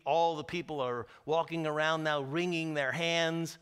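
This male preacher's voice sits on the high side and moves at a normal speed with few pauses, and the tone is clean. Delivering his sermon as pastor, he narrates with animation, performing the screams and cries before falling to hushed tones for solemn points.

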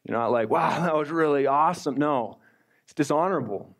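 A middle-aged man gives a sermon in a relaxed, conversational manner. His voice sits a little higher than most men's, and he slows deliberately whenever he reads from the scripture. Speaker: pastor.

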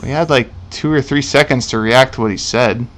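A man's voice: mid-range voice, a little fast, fairly bright tone, slight background noise. A young man commenting casually on his gameplay, joking, laughing and swearing. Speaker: let's play commentator.

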